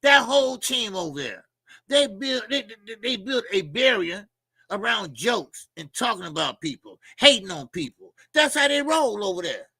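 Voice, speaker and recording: Gravelly, blunt boxing-channel host. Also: male voice, sits high, big pitch swings, moderate pace, bright, forceful tone, no echo. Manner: blunt, profane and mocking; repeats phrases, with frequent fillers. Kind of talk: opinionated boxing commentary rant.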